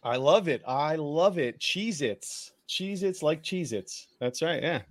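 A man co-hosting a casual podcast, loud and hyped up, throwing in profane exclamations. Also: fairly high pitch, lively intonation, takes it slowly, no echo. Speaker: podcast co-host.

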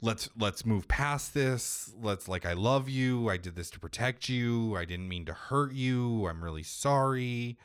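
A man's voice: low-pitched, fairly even intonation, normal speed, hardly any pauses, a bit bright, smooth, no room sound, studio quality. A man voicing a goddess mother who pleads and apologizes to her son. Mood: pleading.

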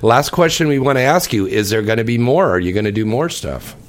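A man's voice: medium pitch, expressive, a little fast. A man hosting an adult radio show, teasing and flirtatious in casual interview talk.

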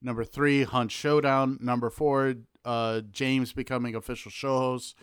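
A man's voice: medium pitch, measured pace, smooth, no room sound, studio quality. A man co-hosting a podcast who tells stories animatedly, swearing heavily. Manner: heavy swearing, animated storytelling. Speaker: podcast co-host. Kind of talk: casual podcast banter.

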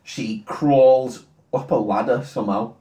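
A young man rattles through a film plot for laughs, swearing freely and slipping into quick mock quotes. His voice sits at a middling pitch, and the room around him rings with a noticeable echo. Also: fairly even intonation, dark tone. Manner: rambling, profane storytelling with mock quotes. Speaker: podcast co-host retelling a film. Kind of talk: crude comedic film recap. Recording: roomy echo.

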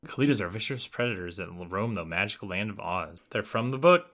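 A man's voice: fairly low pitch, animated, fast, fairly bright tone. A man co-hosting a podcast, recapping a movie with dry, sarcastic quips. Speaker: podcast co-host.

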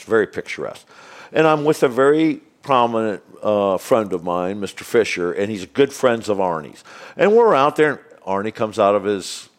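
Older guy in his 60s telling a long funny golf story, voice jumps all over, does the voices. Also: medium pitch. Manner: animated, acts out voices in anecdotes, laughs often. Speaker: guest telling golf stories. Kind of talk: casual storytelling.

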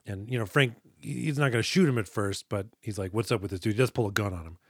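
A man's voice: lowish voice, quick pace, no room sound, studio quality. A man co-hosting a movie podcast, chatting casually and sarcastically, swearing and acting out lines from the film. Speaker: podcast co-host. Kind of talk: casual movie-review chat.

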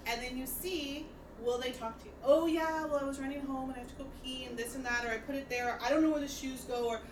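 A woman's voice: high voice, steady tone, fast. A woman and mother chatting casually, earnestly explaining parenting methods to friends. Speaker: podcast co-host, mother. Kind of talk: casual chat. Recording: echoey room, mic at a distance, noisy.

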